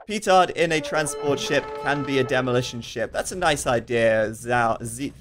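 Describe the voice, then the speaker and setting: A man giving live commentary on a strategy game match in a casual, chatty way, reading out viewer questions and dropping in quick asides with frequent fillers. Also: mid-range voice, music in the background. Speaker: esports commentator.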